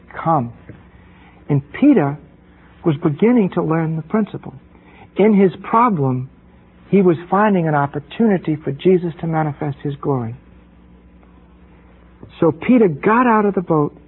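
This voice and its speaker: A priest giving a sermon, speaking in a measured way with slow, emphatic pauses. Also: male voice, a little high, husky. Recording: lo-fi radio broadcast.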